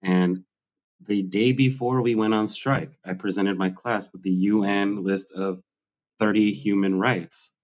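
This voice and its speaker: Man, fairly low voice, muffled lo-fi audio, principled teacher, firm and resolute. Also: fairly even intonation, a little slow. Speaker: striking schoolteacher. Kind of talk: conversational interview answers. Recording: slightly dull lo-fi sound.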